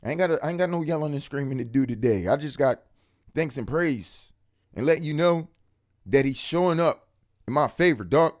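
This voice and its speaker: A man giving an excited, casual faith testimony to camera, full of street slang and repeated words for emphasis. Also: fairly high pitch, fairly quick. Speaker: religious video speaker.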